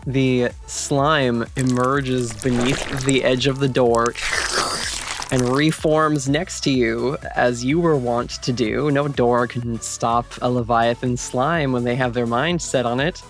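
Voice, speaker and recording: A game master narrating a tabletop game in unhurried, descriptive narration. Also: mid-range voice, fairly even intonation, music in the background.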